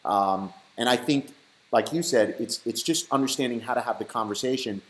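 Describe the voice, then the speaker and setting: A man's voice: medium pitch, normal speed, rough recording. A man with a New York accent hosting a casual interview over a video call, speaking bluntly and informally. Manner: casual and blunt, swears lightly. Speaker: host.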